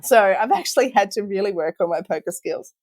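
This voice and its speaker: A woman's voice: medium pitch, animated, brisk, a little mellow, no echo, poor audio. A woman, a guest telling stories in a casual podcast chat and laughing often. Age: 30s. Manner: chatty storyteller, laughs often.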